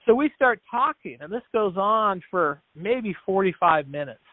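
The speaker is a man with a high-pitched, animated voice at normal speed, with no room sound. He's a business founder guesting on a podcast, sincerely telling a story and acting out the conversation, with frequent restarts and repeated words. The recording is tinny and phone-like, and dry.

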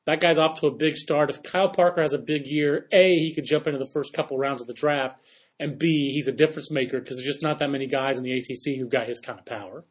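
A man co-hosting a baseball podcast, talking in a quick, chatty way with joking asides. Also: mid-range voice, fairly even intonation. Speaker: podcast co-host. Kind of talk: casual sports talk.

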